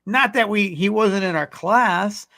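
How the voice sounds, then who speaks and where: A man's voice: sits high, unhurried, sharp tone. A man co-hosting a podcast, telling a rambling, profane story in casual chat. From California. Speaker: podcast co-host.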